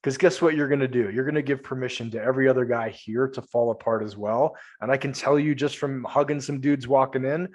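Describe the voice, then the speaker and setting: A men's coach appearing as a podcast guest talks earnestly and emphatically in casual conversation, leaning on coaching-style repetition. His medium-pitched voice moves briskly with few pauses.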